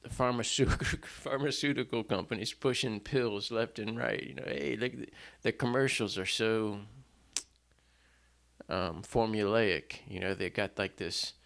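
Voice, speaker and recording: Low gravelly guy rambling between songs at his little home stage, kinda laughs at himself. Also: a little slow, a bit bright. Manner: rambling, self-deprecating, many fillers and restarts. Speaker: singer-songwriter. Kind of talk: casual talk between songs. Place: small home stage setup. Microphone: stand mic in front.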